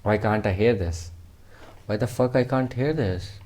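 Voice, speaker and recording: A man's voice: on the low side, measured pace, a little mellow. A man teaching a casual coding tutorial, rambling and swearing freely as he jokes with himself. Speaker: programming tutor.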